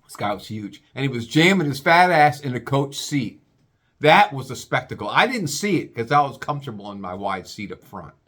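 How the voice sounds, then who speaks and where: A man ranting casually and crudely, with lots of stammering restarts. His pitch leaps up and down as he talks. His voice sits in an ordinary middle register. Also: very animated, moderate pace, a bit bright. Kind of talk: rambling comic rant.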